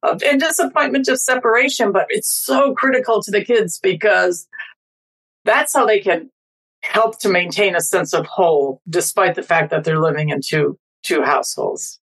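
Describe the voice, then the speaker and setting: A woman's voice: medium pitch, normal speed, a bit bright, breathy edge, poor audio. A middle-aged woman with a mid-range voice speaks as an interview guest. She sounds earnest and reflective and restarts a phrase now and then. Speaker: documentary filmmaker guest. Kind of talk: interview conversation.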